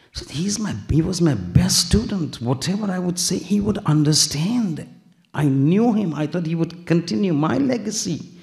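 A man's voice: sits high, gravelly, darkish tone. A man preaching a sermon, telling a story with acted dialogue, rising to emphatic peaks.

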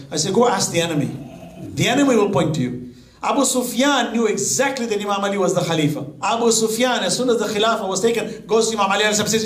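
High-voiced man preaching in an echoey hall. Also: animated, fast. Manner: mixes Arabic quotations into English preaching. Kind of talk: sermon.

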